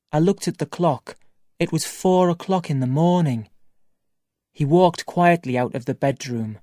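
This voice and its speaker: A reader narrating a first-person graded-reader story for language learners, reading slowly and clearly. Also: mid-range voice, dark tone, no echo, studio quality. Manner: slow, clear, carefully paced reading. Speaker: audiobook reader.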